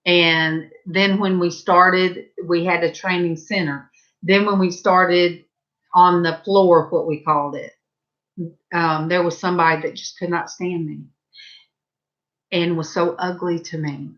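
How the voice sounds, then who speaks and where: Slow-talking Southern woman, chatty vlogger. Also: lowish voice, fairly even intonation, muffled recording. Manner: rambling, chatty, lifts her voice brightly when quoting herself. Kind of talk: casual storytelling.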